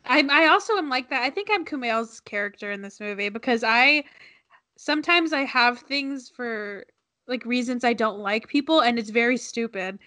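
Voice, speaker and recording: A young woman co-hosts a podcast in casual, rambling chat. Her voice sits fairly high and sounds bright and forward. She laughs often and restarts her sentences. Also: normal speed. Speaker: podcast co-host.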